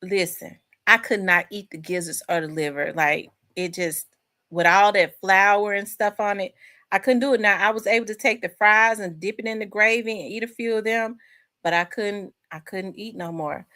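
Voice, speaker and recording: A woman's voice: medium pitch, normal speed, bright, forceful tone. A woman hosting a casual live chat from home, rambling and talking to her viewers. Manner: chatty, rambling, addresses viewers as y'all. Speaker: host.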